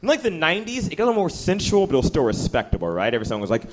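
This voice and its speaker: A man's voice: on the high side, very fast, a little hiss or hum. A young man doing a stand-up set, then chatting as a guest, bouncing between silly put-on voices. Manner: lively, jumping into silly voices. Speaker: stand-up comedian.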